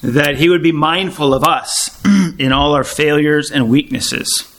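A man preaching an informal sermon to a small congregation, talking conversationally with restarts and frequent throat clearing. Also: a little high, a little slow, a bit bright.

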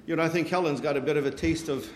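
A man preaches to a congregation, slipping into voices as he retells stories and peppering his talk with casual fillers. His voice sits a bit high. It rings out with a long reverb through a large hall. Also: rapid-fire, slight background noise. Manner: animated storytelling with quoted voices, many fillers. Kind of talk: sermon.

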